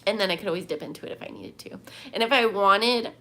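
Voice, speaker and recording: A woman's voice: mid-range voice, quick pace, fairly bright tone. A woman livestreaming from home, chatting casually and rambling as she answers viewers' comments. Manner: chatty, rambling, reads chat aloud.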